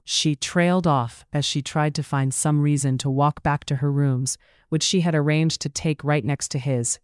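An audiobook narrator reading a period novel in an even, measured way. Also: mid-range voice, smooth, no echo, studio quality.

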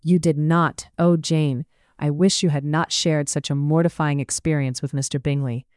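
A narrator plays a spirited young lady from a period storybook, wry and teasing. The voice comes through smooth and clear. It is recorded close and dry. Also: medium pitch, fairly even intonation, normal speed, a little mellow, no echo, lightly acted. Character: witty, spirited young gentlewoman. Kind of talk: audiobook character reading.

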